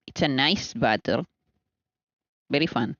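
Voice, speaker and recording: A woman's voice: a bass voice, lively intonation, a little slow, creaky, fairly bright tone, dry recording, dull audio. A woman streamer chatting casually while she bakes, playful and teasing with exasperated asides.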